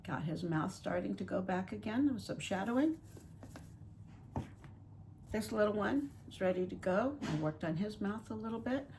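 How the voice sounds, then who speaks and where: A woman's voice: medium pitch, lively intonation, normal speed, pauses often, darkish tone, a little hiss or hum. A woman chatting casually while painting reborn dolls at her home craft table, rambling and fond. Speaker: reborn doll artist and channel host.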